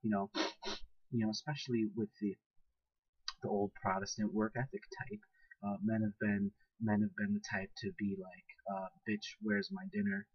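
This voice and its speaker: A man's voice: lowish voice, steady tone, normal speed, slightly rough, no room sound, dull audio. A young man in a casual, blunt and profane monologue to camera who laughs often. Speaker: vlogger.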